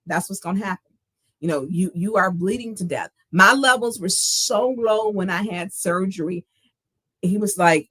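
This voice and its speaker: A woman's voice: medium pitch, moderate pace, a bit bright, slightly rough, dry recording. A middle-aged woman hosting a livestream talk show, speaking earnestly and with emphasis from her own life and reading out viewer comments.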